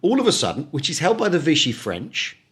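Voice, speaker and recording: A middle-aged man co-hosting a casual history podcast, talking in animated bursts with many restarts and repeated words. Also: on the high side, brisk. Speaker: podcast co-host.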